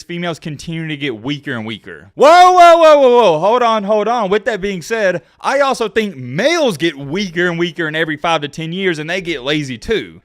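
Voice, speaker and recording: A young man hosting his own channel, ranting brashly and provocatively straight to camera. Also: fairly bright tone. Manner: brash and provocative, mocking women in a high whiny voice. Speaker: YouTube channel host.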